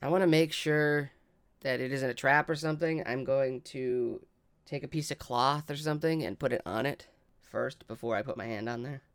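Player, male: smooth voice, casual and hesitant, curses now and then. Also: medium pitch, moderate pace. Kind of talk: casual tabletop play.

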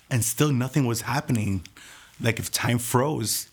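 A young man telling his personal testimony in a hushed, intense way, his voice often dropping almost to a whisper. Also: mid-range voice, unhurried, breathy edge. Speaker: testimony speaker.

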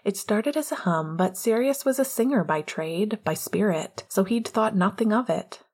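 A woman narrating a romantic story in a soft, hushed, gentle reading. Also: medium pitch, lively intonation, moderate pace, hardly any pauses, breathy edge, faint music behind. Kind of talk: audiobook reading of fan fiction.

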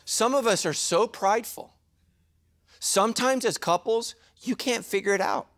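A middle-aged man preaching a sermon as a pastor, animated and jokey, with quick asides to the congregation. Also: sits high.

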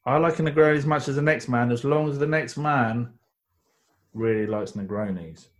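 A man's voice: mid-range voice, moderate pace. Man, co-host, casual chat, wry, teasing. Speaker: podcast co-host.

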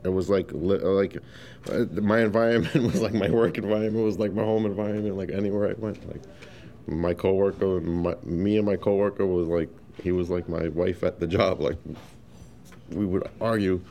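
Deep-voiced man telling his story. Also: normal speed. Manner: animated storyteller who acts out quotes, many fillers. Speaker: interviewee sharing his story. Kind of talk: casual personal testimony.

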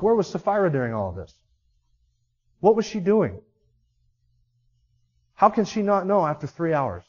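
A man's voice: sits high, darkish tone. A man preaching a sermon as a pastor, emphatic, his voice swelling and dropping away. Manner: emphatic, rising and dropping sharply in volume. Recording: muffled sound with long hall reverb.

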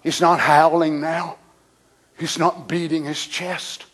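A man preaching a sermon, swinging from shouts to whispers. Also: on the high side, little pitch movement, slow pace, husky.

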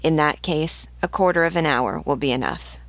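A woman's voice: low-pitched, no echo. A woman reading the lines of a loyal male servant who urges everyone to hurry. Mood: urgent. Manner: urgent, hurried.

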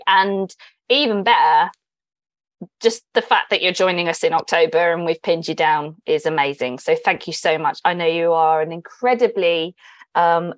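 An enthusiastic female podcast co-host welcoming her guest with upbeat warmth of words. Her voice sounds dry and close, with no room around it. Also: lowish voice, no echo. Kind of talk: casual podcast chat.

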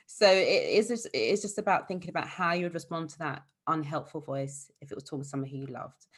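A woman's voice: lowish voice, fast, hardly any pauses, husky. A woman therapist for eating disorders, talking in a casual, explanatory way in an interview. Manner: warm, explanatory, fillers like "like" and "you know".

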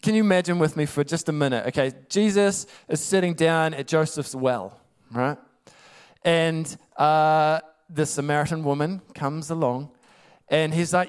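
Male preacher, casual sermon, frequent laughter, fairly high voice. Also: unhurried, clean tone. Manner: chatty, laughing often, rhetorical asides.

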